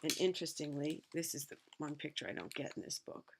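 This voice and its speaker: Gravelly woman reading a picture book. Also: deep voice, steady tone, quick pace, a little hiss or hum. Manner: chatty asides between read passages. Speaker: reader.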